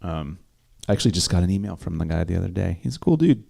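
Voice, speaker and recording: A man co-hosting a music-review stream, talking casually about audio mixing and pausing often to find the right term. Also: low-pitched, very animated, creaky, mellow. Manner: hesitant, lots of fillers while searching for terms. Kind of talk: casual live-stream chat.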